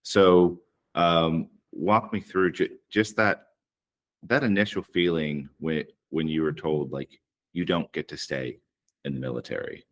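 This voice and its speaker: Very deep-voiced male interviewer. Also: fairly even intonation. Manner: halting, repeats words while framing questions. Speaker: podcast host and interviewer. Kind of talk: conversational interview questions.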